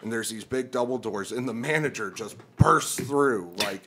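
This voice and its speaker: A young man, a comedian on a podcast, telling a long story among friends, swearing freely and acting out the people in it with raised, louder voices. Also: mid-range voice, normal speed, breathy edge. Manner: profane, animated storyteller who acts out quotes loudly.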